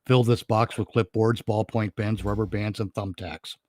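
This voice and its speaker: A man voicing an emotionless male supervillain in a flat monotone with no inflection, in a 1940s radio parody style. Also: lowish voice, moderate pace, a little hiss or hum, close to an everyday voice. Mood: deadpan.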